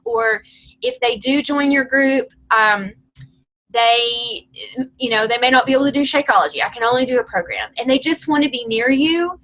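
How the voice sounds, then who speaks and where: Bright-voiced woman leading a coaching call. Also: fairly high pitch, poor audio. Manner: direct, encouraging and chatty. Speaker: team leader coaching her team.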